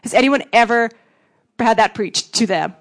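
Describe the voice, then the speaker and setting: A woman giving a casual, conversational sermon, acting out voices with sudden big jumps in pitch. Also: normal speed. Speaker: preacher.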